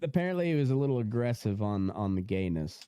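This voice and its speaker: A young man hosts a loose podcast conversation, rambling through fillers and restarts and breaking into laughter often. His voice comes through smooth and clear. The sound is dry and close, with no room in it. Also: lowish voice, sing-song, fast, dark tone, no echo. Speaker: podcast host. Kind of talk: casual podcast chat.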